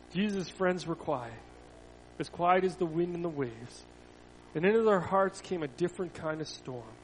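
A man, a pastor, reading a children's Bible story to a church, swelling loud then dropping to a hush. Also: sits high, animated, normal speed, a little hiss or hum. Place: church sanctuary. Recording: long reverb of a church hall.

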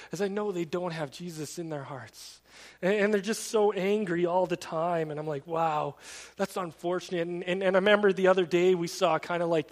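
A man with a high voice delivers a sermon as a pastor, telling stories in an earnest, conversational way. He speaks inside a church sanctuary. His voice trails off into the long reverb of a big hall. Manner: conversational, earnest storytelling preacher.

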